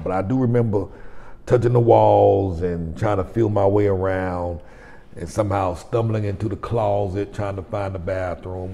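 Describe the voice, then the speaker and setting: Low-voiced man telling a story in reverb. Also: mellow. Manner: rambling, conversational, frequent restarts. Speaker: vlogger host. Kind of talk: casual storytelling to camera. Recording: long reverb.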